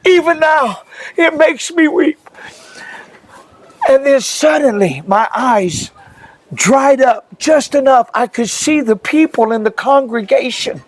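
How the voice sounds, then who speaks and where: A man's voice: very high voice, lively intonation, slow pace, no room sound. A male pastor giving an earnest, emotional testimony and laughing now and then as he tells it. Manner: earnest, laughs through his story. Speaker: pastor, guest.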